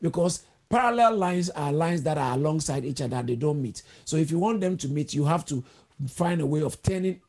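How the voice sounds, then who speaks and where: A man's voice: on the high side, lively intonation, a little fast, darkish tone. A man preaching a sermon, explaining word roots step by step in a teaching manner. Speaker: pastor.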